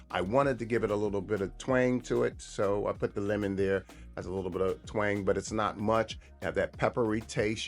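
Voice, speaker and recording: A low-voiced man talks through a home cooking demonstration in a relaxed, chatty way, circling back on his words as he goes. Faint music plays underneath. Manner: relaxed, chatty, repeats and restarts phrases. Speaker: cooking show host.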